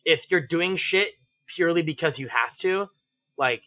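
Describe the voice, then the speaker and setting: A man as a podcast guest, telling stories animatedly, swearing freely and acting out shouted range commands. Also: a little high, moderate pace. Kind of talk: casual interview chat.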